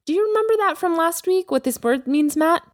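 A woman hosting a language lesson podcast as the teacher, speaking clearly and slowing down to model new words. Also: very high-pitched, animated, no room sound, clean studio sound. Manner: clear teacherly delivery, slows down for vocabulary. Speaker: Persian teacher, podcast host.

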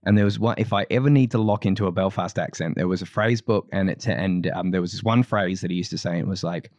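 A man with a fairly low voice co-hosts a casual podcast and tells rambling stories. He often restarts his sentences and laughs along as he talks. The sound is dry and close. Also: fast talker, darkish tone, no echo, dull audio. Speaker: podcast co-host. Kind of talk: casual chat, storytelling.

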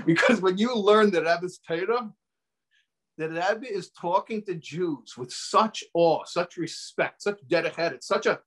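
A man's voice: high voice, a bit bright. A man giving an impassioned sermon as a rabbi, often repeating phrases for emphasis and sprinkling in Hebrew and Yiddish terms.

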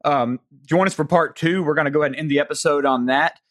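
A man's voice: on the high side, quick pace, fairly bright tone, no echo, clean studio sound. A man with a Southern US accent hosting a podcast, casually reading listener questions aloud. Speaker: podcast host.

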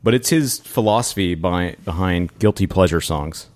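A man with a West Texas accent co-hosting a podcast, joking in quick playful banter. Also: low-pitched, darkish tone. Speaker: podcast co-host. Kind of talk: casual chat.

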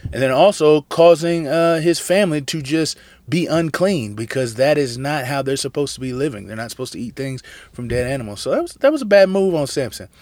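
A man casually retelling a Bible story in slangy, animated talk, acting out the characters' lines. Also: a little high, no room sound, studio quality. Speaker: Bible study teacher.

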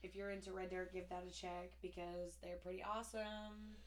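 Woman, lowish voice, podcast co-host, chatty storyteller. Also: little pitch movement, normal speed. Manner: chatty storyteller, laughs often, swears. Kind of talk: casual podcast chat.

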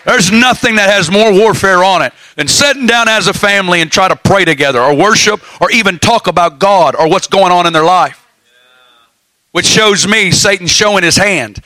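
Male preacher, high and bright, fervent exhorting sermon delivery, laughs often, dry close sound. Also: dry recording.

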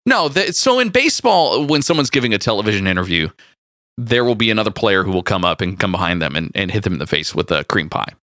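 A man co-hosts with a bright voice and lively pitch, explaining things in a deadpan, joking way. Close, dry recording. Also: fast talker, no echo. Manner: deadpan absurd jokes, explanatory. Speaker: co-host of a cooking show. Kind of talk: casual banter.

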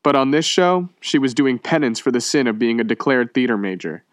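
A male reader narrating a short story in a measured, steady way. He is recorded close and dry, with an even middle pitch. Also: dry recording. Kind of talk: audiobook reading.

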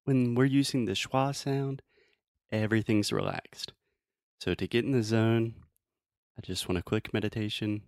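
Playful man teaching pronunciation, low voice. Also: lively intonation, creaky, a little mellow, no echo, clean studio sound. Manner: playful, explains slowly with examples. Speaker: English teacher. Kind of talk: casual pronunciation lesson.

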